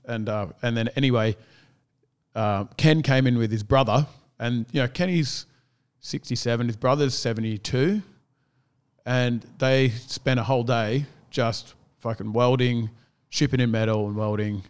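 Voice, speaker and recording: Animated storytelling man with a smooth voice. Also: mid-range voice, measured pace. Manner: animated storyteller, swearing freely, acting out quotes. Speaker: gym owner. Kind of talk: casual chat.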